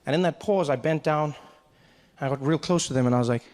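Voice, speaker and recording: Telling a story on a comedy stage, a male stand-up comic speaks a little fast at a fairly high pitch into a handheld mic, and the recording is very noisy. He animatedly acts out the characters for the live audience.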